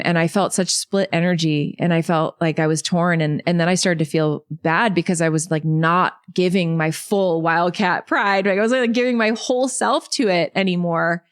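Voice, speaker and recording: Low-voiced woman telling her story. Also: clear, resonant tone, no room sound, clean studio sound. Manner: animated, quick storytelling with many likes and you knows. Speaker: podcast guest. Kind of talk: storytelling in an interview.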